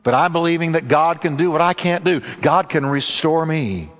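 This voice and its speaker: A man preaching a sermon and telling stories, emphatic with dramatic pauses. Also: fairly high pitch, in a large hall. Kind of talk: sermon with storytelling.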